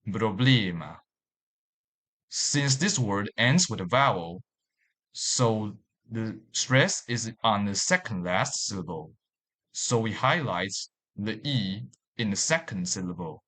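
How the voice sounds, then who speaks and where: A man narrating a language lesson in a slow, deliberate way, repeating each example word. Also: lowish voice, lively intonation, fairly bright tone. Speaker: language teacher.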